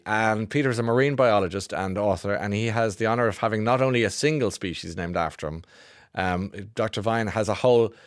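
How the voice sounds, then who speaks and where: A man's voice: lowish voice, no echo. A man hosting a radio show, chatting wryly and reading out listener texts in a studio. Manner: chatty, wry. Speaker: radio host.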